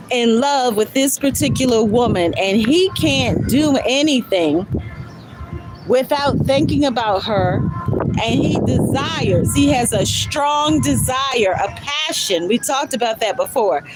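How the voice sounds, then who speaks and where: A woman hosting a live stream, reading song lyrics aloud and then slowly explaining their message in an earnest way. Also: sits high, lively intonation, background noise. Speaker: livestream host. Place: outdoors or near a road, truck passing. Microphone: phone livestream.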